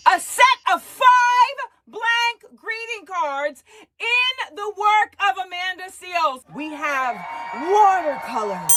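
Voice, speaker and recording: A woman's voice: very high-pitched, sharp tone, voice pushed up, exaggerated voice. A woman voicing a flamboyant, grandiose female showbiz host and former model, announcing in a showy, dramatic way. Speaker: segment host. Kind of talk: comedic character segment.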